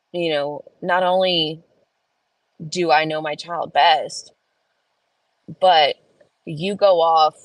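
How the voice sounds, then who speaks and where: A woman in her thirties tells a story in a casual vlog, chatty and indignant. Her voice sits low with a gravelly fry. She jumps up high to quote her kids, and the sound is dry and close. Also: no room sound, poor audio. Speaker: vlogger.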